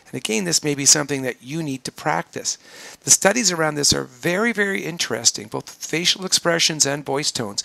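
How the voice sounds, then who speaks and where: Man, training lecture, measured and explanatory, bright tone, dry close sound. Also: medium pitch, gravelly, dry recording. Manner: measured, explanatory, demonstrates voice tones.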